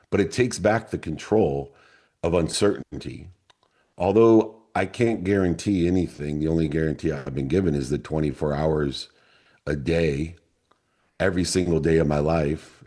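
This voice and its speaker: In a rumbling low, dark-toned voice, a middle-aged man tells his men's mastermind group a motivational story. He speaks with earnest deliberation, drawing out the key words.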